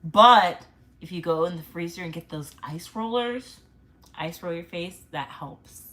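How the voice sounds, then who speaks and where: A woman's voice: on the low side, measured pace, a bit bright. A young woman vlogger in casual chat, chatty and self-mocking, laughing often.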